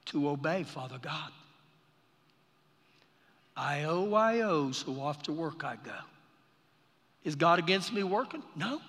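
Impassioned pastor preaching, high bright voice. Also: male voice. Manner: impassioned, storytelling, swells to shouting. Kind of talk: sermon. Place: church sanctuary. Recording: live service in a reverberant hall.

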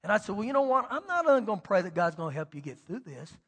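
A middle-aged man preaching a sermon as pastor, telling stories and swinging between loud and hushed delivery. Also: high-pitched, very animated, very fast, husky, long reverb tail.

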